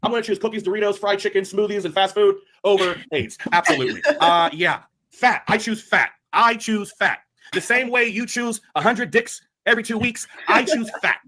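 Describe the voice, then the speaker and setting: Loud husky man ranting crudely. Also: sits high, brisk. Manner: crude, mocking, shouting bursts. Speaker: streamer. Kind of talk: ranting livestream commentary.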